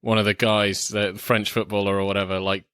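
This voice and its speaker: A man co-hosting a casual film podcast, talking haltingly with many fillers. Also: fairly low pitch, level tone, fairly bright tone, clean tone, no echo, studio quality. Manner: halting, lots of fillers and swearing. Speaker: podcast co-host. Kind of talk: casual film review chat.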